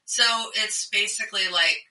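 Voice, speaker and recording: A woman co-hosting a podcast in casual chat, laughing often and talking in an animated way. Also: medium pitch, normal speed, roomy sound, distant mic, poor audio. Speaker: podcast co-host.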